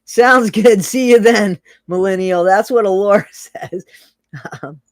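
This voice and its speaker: A rambling host chats through a casual livestream, reading out viewer comments and echoing their own phrases back with easy laughs. The voice sits at a middling pitch and sounds close and dry, with no room around it. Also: measured pace. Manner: chatty, rambling, laughs often, repeats phrases.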